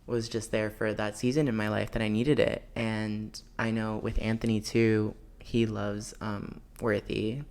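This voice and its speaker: A man's voice: lowish voice, little pitch movement, a little slow, creaky, hardly any pauses, darkish tone, slight background noise. A man co-hosting a podcast, chatting casually and enthusiastically in support of his guest. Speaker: podcast co-host.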